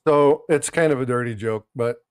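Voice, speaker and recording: Casting: man, casual coin-channel host, rambling and restarting, mid pitch, dry close sound. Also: moderate pace, smooth, no room sound. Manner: rambling joke-telling, many restarts. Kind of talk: casual chat.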